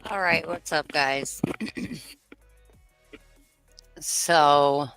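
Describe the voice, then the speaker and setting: A woman's voice: sits low, steady tone, extremely slow, a bit bright, clean tone, faint music behind. A woman hosting a casual livestream, rambling and swearing, poking fun at herself while talking into a desk microphone. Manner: rambling, profane, self-mocking. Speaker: livestream commentary host.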